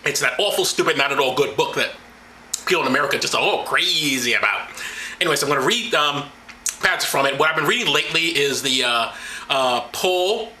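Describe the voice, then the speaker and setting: A man's voice: on the high side, expressive, brisk, pushed and bright, slight background noise. A man hosting a comedic video, reading the Bible aloud with mocking, rambling sarcasm. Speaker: vlog host. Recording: roomy echo.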